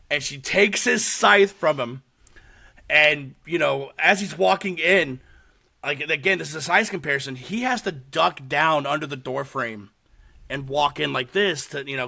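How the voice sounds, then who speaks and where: A man hosting a podcast, telling a story in casual chat with animated delivery and lots of swearing. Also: a little high, vocal fry. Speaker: podcast host. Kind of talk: casual chat recapping a horror short.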